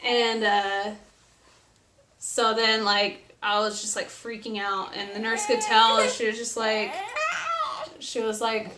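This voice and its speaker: A woman's voice: on the high side, level tone, a little slow. A young woman casually telling a personal story, chatty and full of "like", acting out what people said. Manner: chatty, lots of "like", acts out quotes. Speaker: vlogger telling her birth story. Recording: echoey room with faint noise.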